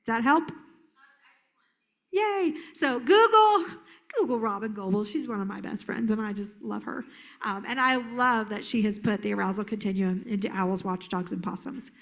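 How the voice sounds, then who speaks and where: A middle-aged woman therapist giving a playful, lively workshop talk at a conference, acting out children's voices as she explains. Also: mid-range voice, a little fast, vocal fry. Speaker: trauma therapist presenter. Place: conference hall.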